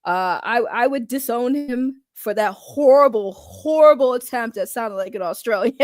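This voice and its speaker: A woman hosting a casual reaction video, animated, laughing often and swearing freely. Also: a little high, moderate pace, no room sound, clean studio sound.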